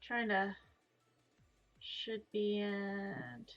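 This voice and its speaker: Drawing live from home with faint music behind her, a young woman rambles to her viewers, self-deprecating and casually profane. Her medium-pitched delivery is flat and extremely slow. Everything is picked up on a dull lo-fi stream mic.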